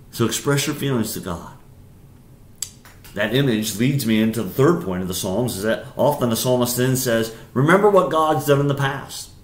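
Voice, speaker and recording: A man preaching in a relaxed, conversational voice of ordinary pitch, restarting phrases and then pressing harder on key points. The room carries a noticeable echo. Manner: conversational, rising to emphatic bursts, frequent restarts. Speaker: pastor. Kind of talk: sermon.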